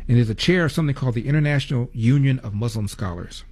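A man's voice: mid-range voice, quick pace, a little mellow. An older man hosting a talk radio show, delivering a sarcastic monologue full of rhetorical questions.

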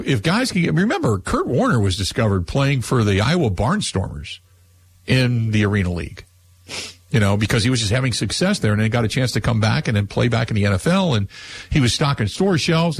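Husky guy hosting sports talk radio, rambly, lots of um and you know. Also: mid-range voice. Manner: rambling, many fillers and restarts. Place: radio studio.

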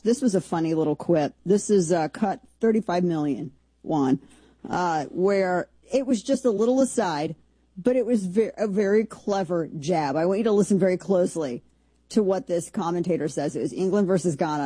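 A woman's voice: fairly low pitch, lively intonation, moderate pace, dark tone, breathy edge, no room sound. A woman hosting a show, giving casual commentary full of rambling, sarcastic asides. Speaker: show host.

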